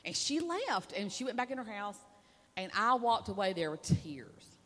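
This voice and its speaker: A woman's voice: medium pitch, very animated, moderate pace, fairly bright tone. A woman, a preacher's wife, delivering a sermon in a chatty, conversational way with asides to the audience. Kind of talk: sermon with personal storytelling. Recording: long reverb of a large hall.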